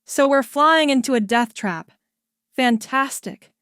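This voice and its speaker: A woman voicing a sharp, sarcastic female starship gunner with a dry, snapping manner. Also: high voice, slow pace, smooth, no echo, voice pushed up.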